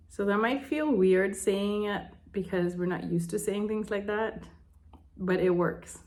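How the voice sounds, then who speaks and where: Woman coaching a gentle tapping lesson. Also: medium pitch, moderate pace. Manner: gentle, speaks example phrases aloud with sighs. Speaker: life and relationship coach. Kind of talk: instructional tapping demonstration.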